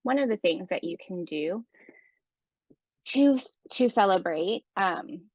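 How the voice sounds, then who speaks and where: A woman's voice: mid-range voice, animated, takes it slowly, dry recording, highs cut off. A woman coach talking in an upbeat, encouraging way during an online workshop, with fillers. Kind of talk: casual workshop talk.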